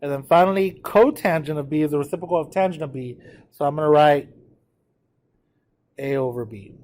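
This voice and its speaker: A man's voice: on the high side, a little fast, a little mellow. A man teaching trigonometry to a classroom, checking in with students and having them repeat terms aloud. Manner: drills pronunciation, asks the class to repeat; frequent check-ins with students. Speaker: math teacher. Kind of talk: classroom lecture.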